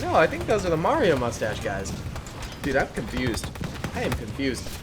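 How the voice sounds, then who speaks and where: A young man giving casual commentary on a war game he is playing, excitable and quick to exclaim and laugh, trailing off low when he muses. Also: noisy background. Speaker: gaming YouTuber.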